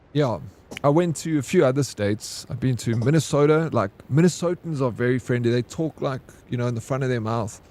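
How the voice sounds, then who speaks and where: Young man, relaxed game streamer, mellow voice, rambling casual chat. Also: medium pitch. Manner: rambling, laid-back, peppered with "like", "dude" and "bro".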